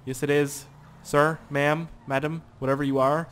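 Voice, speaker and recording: A young man giving casual, excitable gameplay commentary, swearing and laughing as he plays. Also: on the high side, moderate pace, a little hiss or hum. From Canada. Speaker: gaming YouTuber.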